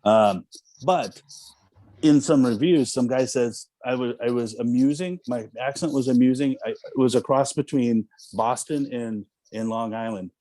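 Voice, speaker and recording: Brief: male actor guest, mellow voice, dry sound, rambling and self-deprecating. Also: mid-range voice, a little slow, dry recording. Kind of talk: casual interview chat.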